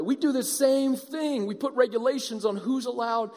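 Animated preacher man in a reverberant hall. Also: extremely high pitch, normal speed. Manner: animated, acts out crowd voices. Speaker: pastor. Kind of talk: sermon.

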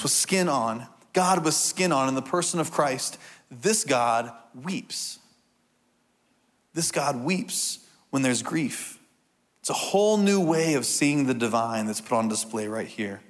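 A middle-aged male pastor delivers a sermon in an earnest, heartfelt way. He slows right down and lets his voice fall soft on the lines he repeats for weight. His pitch sits in an ordinary middle range for a man. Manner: earnest, with slow emphatic repetitions and soft drops for key lines.

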